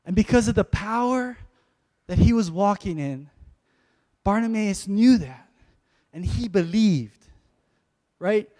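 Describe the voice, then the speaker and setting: A man preaching a sermon to a congregation, calling out to them and building to loud exhortations. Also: high-pitched, animated, slow pace, pauses often, big-room sound. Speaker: pastor.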